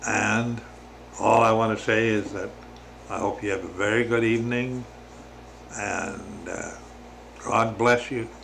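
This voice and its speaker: Older-sounding gravelly guy, slow and halting, faint hiss behind him. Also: fairly low pitch, fairly even intonation, a bit bright. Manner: slow, halting, with many restarts and fillers. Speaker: religious vlogger. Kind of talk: casual spiritual reflection to camera.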